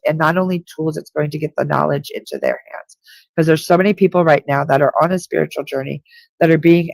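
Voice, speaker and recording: A woman's voice: low voice, gravelly, dry recording. A woman giving intuitive readings on a live stream, speaking directly and reassuringly and repeating her key points. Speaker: psychic reader.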